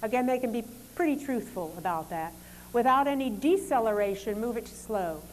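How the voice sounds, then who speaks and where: During a dance demonstration, a teacher with a somewhat high voice explains every exercise and directs the performers in a calm, instructive way. She keeps her commands polite and her tone even, and a faint hiss runs under the recording.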